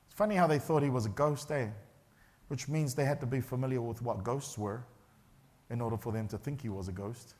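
A man's voice: fairly high pitch, brisk. A male pastor, preaching a sermon in a church and acting out the people in his story. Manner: animated, acts out the characters' voices.

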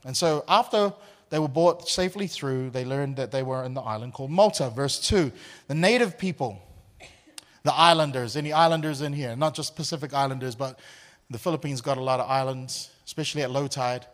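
A man of medium pitch preaches briskly, a pastor weaving personal stories into his sermon. He's high-energy, laughs a lot, and keeps repeating words.

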